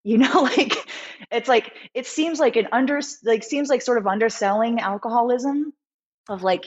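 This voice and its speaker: Woman, candid interview guest, animated storyteller, fillers, lo-fi muffled sound. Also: on the high side, moderate pace. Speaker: guest musician.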